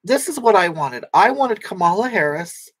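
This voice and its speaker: A man voicing a brash, tearful, crude middle-aged woman who rambles through a comic livestream, reading chat comments with halting restarts. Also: high voice, sing-song, breathy edge, heavily acted. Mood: indignant.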